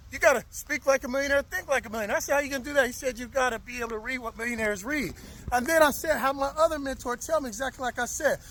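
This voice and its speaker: High-voiced man giving a rousing pep talk. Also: a bit bright, slight background noise. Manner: preachy, repetitive, rallying. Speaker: motivational speaker. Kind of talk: motivational talk to camera. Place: outdoors in the rain.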